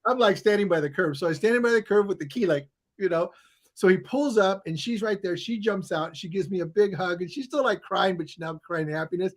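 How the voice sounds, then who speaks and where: A man's voice: sits high, a little fast. A middle-aged man, a guest coach and author, telling a story in conversation and acting out the people in it. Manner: animated, acts out the people in his stories.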